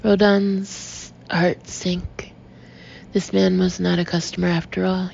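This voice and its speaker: A woman reads an audiobook slowly and deliberately, her voice gravelly and held to a narrow, flat range. The recording is a little dull and lo-fi, with a faint hiss sitting underneath. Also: fairly low pitch. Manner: slow, measured, even reading. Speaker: audiobook narrator. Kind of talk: audiobook narration.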